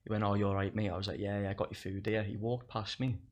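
A man's voice: fairly low pitch, steady tone, fast talker, darkish tone. A young man, a comedian guest on a podcast, telling stories in casual chat, swearing freely and laughing as he goes. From England. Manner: laughs through his stories, swears a lot.

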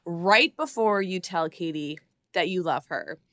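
A woman's voice: fairly low pitch, measured pace, fairly bright tone, dry recording. A woman from Minnesota hosts a podcast interview, talking in a chatty, enthusiastic way and laughing easily. Her voice is close and dry, with no room sound around it. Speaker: podcast host. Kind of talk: casual chat interview.

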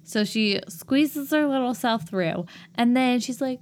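A young woman tells the story of a film in a lively, giggly way, her voice a little higher than most. She gets worked up and exasperated in bursts, chatting casually as a podcast co-host. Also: measured pace. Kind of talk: casual movie recap.

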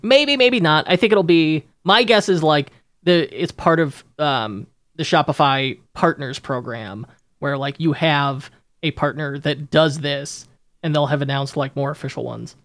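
A man's voice: on the high side, unhurried, a bit bright, dry recording. A man hosting a podcast, talking in a casual, rambling way with many restarts and fillers. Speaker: podcast host. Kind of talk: casual chat.

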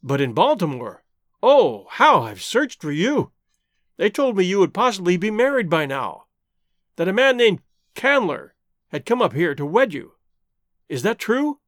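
A proud jungle hero, firm and intense, with a high, lively voice, as a male narrator does him. Each line is delivered close to the mic in a dry, closely miked read. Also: a little slow, dry recording. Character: strong, proud jungle man, intense and direct. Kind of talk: audiobook character voice.

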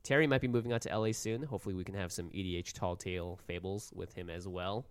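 Deep-voiced man co-hosting a podcast. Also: steady tone, fast talker, clean tone, dry recording. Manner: upbeat, reads plugs and credits. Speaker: podcast co-host. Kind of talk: casual chat.

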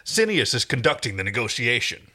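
A man voicing a gruff, short-tempered male alien warrior who talks bluntly. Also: mid-range voice, big pitch swings, fairly quick, bright, forceful tone. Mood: irritated.

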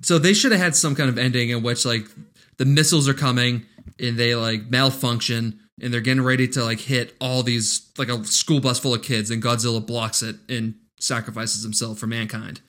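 A man's voice: medium pitch, steady tone, moderate pace, a bit bright. A man co-hosting a casual podcast, recapping a movie plot with profane, ranting commentary. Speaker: podcast co-host reviewing a movie. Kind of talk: casual movie-riff chat.

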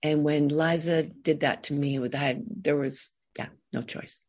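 A woman with a low, husky voice tells stories in a lively, chatty way as an interview guest. She is from Canada and talks casually about her work as an actress. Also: measured pace. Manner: animated, chatty storyteller.

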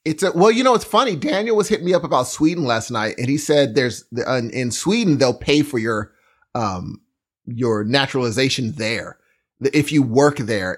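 A man's voice: mid-range voice, lively intonation, moderate pace. A man from the United States in casual banter, teasing and laughing often. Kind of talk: casual chat.

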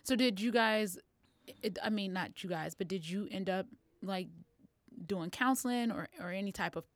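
A woman's voice: mid-range voice, normal speed, no echo. A woman hosting a conversation, asking thoughtful questions and searching for her words as she goes. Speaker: host. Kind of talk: interview conversation.

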